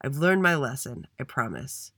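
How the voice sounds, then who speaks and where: A man's voice: mid-range voice, big pitch swings, moderate pace, sharp tone, no echo, studio quality, exaggerated voice. A man voicing a kind, eager young schoolboy in a storybook, cheerful and upbeat.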